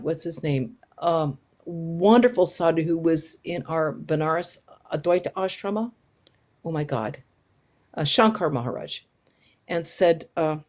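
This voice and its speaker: Lively, low-pitched nun telling stories. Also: female voice. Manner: lively, acts out quoted voices with big pitch swings. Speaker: Vedanta nun giving a talk. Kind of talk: anecdotal storytelling talk.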